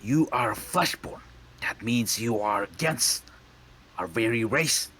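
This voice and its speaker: Man voicing a shouting fanatical Warforged soldier. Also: mid-range voice, a little slow, a little hiss or hum, voice pushed up. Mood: hostile. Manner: shouting, accusing, zealous. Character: hostile male Warforged soldier, a fanatical construct.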